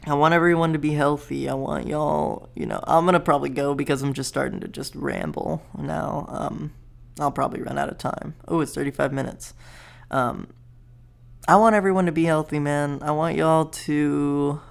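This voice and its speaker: Gravelly man rambling in a vlog. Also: medium pitch. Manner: rambling, laid-back, profane. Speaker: vlogger. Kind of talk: casual rambling vlog monologue.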